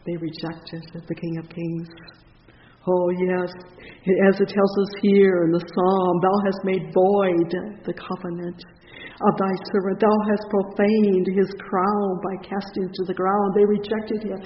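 A man with a high, steady voice preaches slowly and fervently, his flat delivery rising and falling in loudness between phrases. The recording is dull and lo-fi, with long reverb from a large hall and faint hiss behind him. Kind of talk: sermon. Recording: echoey hall, dull lo-fi sound with faint noise.

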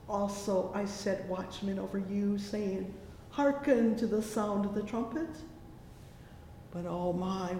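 A man preaching a sermon, slow and fervent, constantly breaking in with "oh yes" and "oh my". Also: mellow. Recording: echoey hall with low rumble.

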